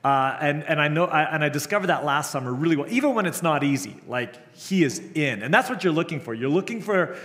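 A man's voice: fairly high pitch, expressive, brisk, few pauses, fairly bright tone. A middle-aged man, a camp director, preaching with earnest storytelling and frequent restarts. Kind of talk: sermon. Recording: long hall reverb.

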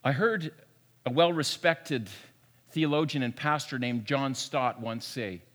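A male pastor preaching an Easter sermon, swinging from hushed to emphatic and often repeating words, in a church sanctuary. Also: medium pitch, unhurried. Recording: long reverb of a large room.

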